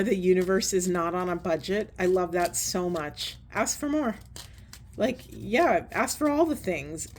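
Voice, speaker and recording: A woman's voice: mid-range voice, a little hiss or hum. Earnest woman giving a card reading. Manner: soft, earnest, meandering with fillers. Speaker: oracle card reader. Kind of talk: spiritual card reading talk.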